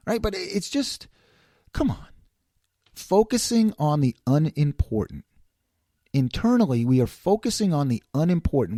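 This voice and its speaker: Man in his forties, sarcastic rant, very lively pitch, dry close sound. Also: no room sound. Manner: sarcastic, animated. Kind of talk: ranting monologue.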